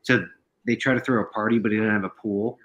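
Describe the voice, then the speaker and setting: A man's voice: on the low side, fairly even intonation, fast, fairly bright tone, breathy edge, low-quality recording. A man co-hosting a casual podcast chat, telling rambling, profane stories. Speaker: podcast co-host.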